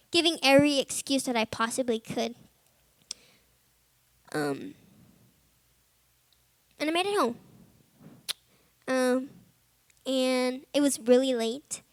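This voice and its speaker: A young woman with a bright, high voice shares a personal testimony with fellow students. She talks informally, leaning on "like" and "um", and turns quiet and earnest as the story gets heavy. The sound is close and dry. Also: no room sound. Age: young adult. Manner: earnest, soft and subdued in heavy moments. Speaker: Bible college student.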